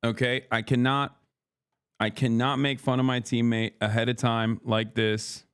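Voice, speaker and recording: A man's voice: mid-range voice, little pitch movement, measured pace, fairly bright tone, clear, resonant tone, dry recording, studio quality. A man streaming, giving casual, profane reaction commentary and mimicking friends.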